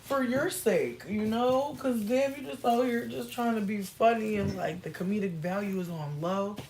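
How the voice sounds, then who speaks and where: A woman's voice: medium pitch, moderate pace, a little mellow, a little hiss or hum. A woman chatting casually on a livestream, reading and answering comments in a playful, laid-back way with plenty of swearing.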